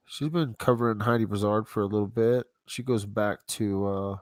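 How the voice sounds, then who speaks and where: A man's voice: fairly low pitch, normal speed, darkish tone, no echo. A man hosting a casual livestream, rambling and laid-back as he talks to himself while browsing. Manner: casual slang, says y'all. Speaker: YouTube channel host.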